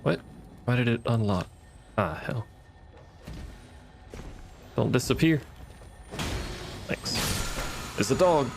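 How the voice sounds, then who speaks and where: A man's voice: medium pitch, lively intonation, takes it slowly, vocal fry, pauses often, faint music behind. A man giving casual, wry commentary as he plays a game, muttering and swearing at enemies. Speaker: gaming streamer.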